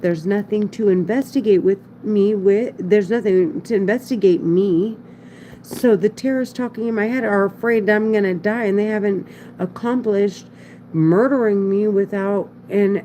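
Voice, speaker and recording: A woman speaks in a loose, rambling monologue with a mellow, warm voice. She talks with anxious insistence, circling back to the same points and often breaking off to restart, and a faint hiss sits behind her. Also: mid-range voice, unhurried, poor audio. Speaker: vlogger. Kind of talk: casual monologue to camera.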